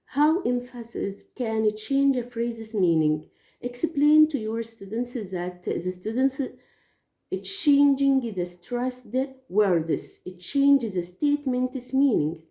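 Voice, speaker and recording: A woman's voice: on the high side, warm tone. A woman whose first language is Arabic gives English teaching tips, explaining carefully with some hesitations. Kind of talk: teaching tips, spoken lesson. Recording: echoey room.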